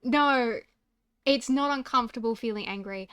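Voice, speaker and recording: A woman's voice: a little high, normal speed, a bit bright, slight background noise. A young woman streaming a game, chatty and self-deprecating, swearing casually, with a slightly sore throat. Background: game music.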